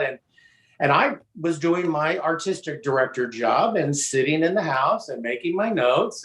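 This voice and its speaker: Halting man telling a tribute story. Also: a little high, fairly bright tone, roomy sound. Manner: halting, many fillers and restarts. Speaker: guest sharing a memorial tribute. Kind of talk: casual personal storytelling. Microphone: video call.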